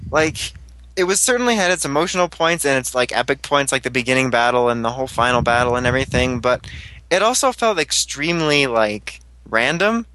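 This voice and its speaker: Bright-voiced man recapping an episode. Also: medium pitch, fairly quick, poor audio. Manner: rambling, excitable, swears and laughs while retelling scenes. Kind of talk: casual chat recapping a TV episode.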